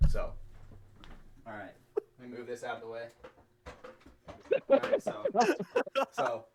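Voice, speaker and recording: A young man co-hosting a casual podcast, telling stories in an animated, profane way. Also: mid-range voice, measured pace, very noisy. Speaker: podcast co-host.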